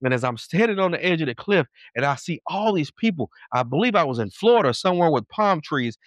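A fervent male preacher with a somewhat high voice, pressing his points hard. He races through some lines and stretches others out for weight. The sound is dry and close, with no room around it. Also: sing-song, no echo. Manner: fervent, emphatic, shifts between fast bursts and slow drawn-out lines. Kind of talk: sermon.

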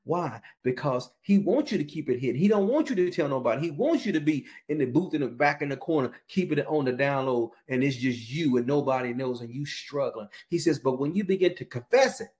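A man's voice: medium pitch, animated, fairly quick, few pauses, a little mellow. A man who is a pastor, preaching a sermon with storytelling, repeated phrases and informal, folksy wording.

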